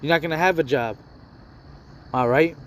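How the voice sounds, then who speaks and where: A man preaches informally, reading scripture aloud and riffing on it in loose, repetitive street talk. His voice sits a little high. Faint outdoor traffic hums behind him. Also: moderate pace, a bit bright. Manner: casual, repeats "man" and "all right" constantly.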